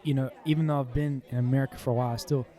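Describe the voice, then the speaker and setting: A man co-hosting a podcast, acting out an improvised comedy date in a deadpan way, often breaking into laughter and fake tears. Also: mid-range voice, rapid-fire. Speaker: podcast co-host.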